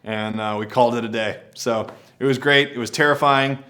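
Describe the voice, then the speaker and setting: A man's voice: mid-range voice, fairly even intonation, a little fast, bright, forceful tone. A man telling a personal adventure story to camera in a laid-back, rambling way, often saying "like".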